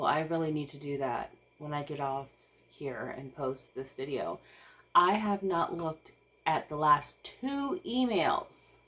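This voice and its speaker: A woman, vlogging casually while overwhelmed and close to tears, rambling with restarts and nervous laughs. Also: low voice. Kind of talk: casual vlog talk to camera.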